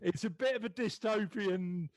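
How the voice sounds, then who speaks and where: Friendly podcast host, slightly high voice. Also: male voice, normal speed. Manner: friendly, encouraging, frequent restarts. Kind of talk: casual podcast interview.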